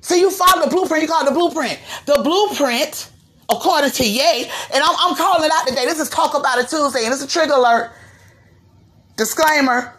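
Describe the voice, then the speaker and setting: A woman from Florida hosting her own podcast, giving a slangy, animated commentary rant and slipping into mimicry of others. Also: high-pitched, a little fast. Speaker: podcast host. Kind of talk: ranting commentary monologue.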